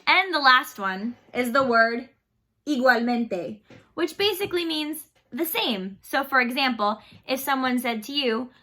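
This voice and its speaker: A woman's voice: high-pitched, lively intonation, a little slow, bright, forceful tone. A woman teaching a beginner Spanish lesson online, explaining phrases patiently and leading repeat-after-me drills.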